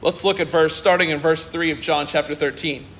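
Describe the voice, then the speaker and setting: A male pastor preaches from a church stage in an earnest, emphatic sermon. His voice is high and bright, and he often restarts and repeats phrases for stress. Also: steady tone, brisk, a little hiss or hum. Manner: earnest, emphatic, with many repetitions.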